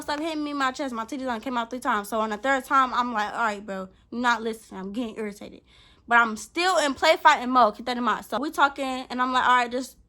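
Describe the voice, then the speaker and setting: High, bright-voiced young woman telling a story. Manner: animated, profane, acts out what she said. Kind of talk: casual storytime monologue.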